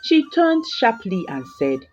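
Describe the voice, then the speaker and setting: A woman telling a folktale as scripted storybook narration, in an expressive, dramatic way. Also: fairly high pitch, measured pace. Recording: dull recording with background music.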